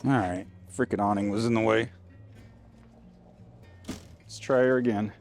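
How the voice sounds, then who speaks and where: Faint music sits behind this man's fairly low, steady, slightly mellow voice, which moves at an unhurried pace. He vlogs from his RV as he works, chatting informally into a handheld mic and grumbling in a folksy way.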